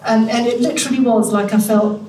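A woman's voice: fairly high pitch, fairly even intonation, a little fast, warm tone, slight background noise. A woman in her sixties with a nasal North London accent, a guest author chatting frankly and reading from her memoir in a self-mocking way. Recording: long hall reverb.

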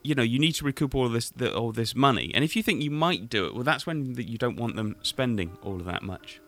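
A man hosting a radio music show, chatting casually and acting out quoted lines with lively energy. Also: medium pitch, fairly quick. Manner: lively, animated, acts out quotes. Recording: faint music behind.

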